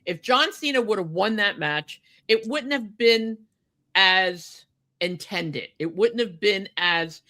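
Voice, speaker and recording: A woman's voice: mid-range voice, lively intonation, slow, pushed and bright. A woman co-hosting a podcast, chatting casually and getting indignant about a wrestling match, with lots of fillers and restarts. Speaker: podcast co-host.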